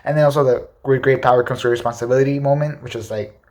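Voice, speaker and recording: A young man giving casual, excitable movie commentary, gushing with repeated words and fillers. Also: medium pitch, fast talker. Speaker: movie reviewer.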